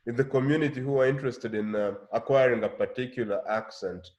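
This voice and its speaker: A man's voice: medium pitch, fast talker, darkish tone. A man from Africa hosting a casual interview, thoughtful and restarting his phrases as he works through ideas.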